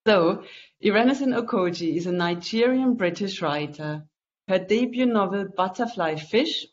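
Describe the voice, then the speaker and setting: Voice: medium pitch, slight background noise. Chatty book-event host on a dull call line. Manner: chatty, loose, with frequent fillers. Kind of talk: casual online book event chat.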